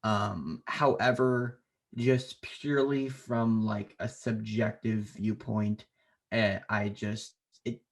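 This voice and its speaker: A man's voice: fairly low pitch, fairly even intonation, slow. A man hosting a podcast in casual chat. He is easygoing with dry humor and falls into hesitant restarts when giving opinions. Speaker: podcast host.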